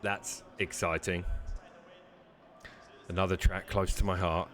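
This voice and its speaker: A man who calls himself a tired old man, casting a sim racing broadcast in a relaxed, chatty way. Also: low-pitched, takes it slowly. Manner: relaxed, yawning and laughing. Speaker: race caster.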